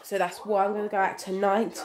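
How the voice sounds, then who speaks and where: Heavy background noise accompanies a UK woman in her twenties as she chats casually to her viewers from home, rambling and direct. Her mid-range voice is fairly quick with little pitch movement.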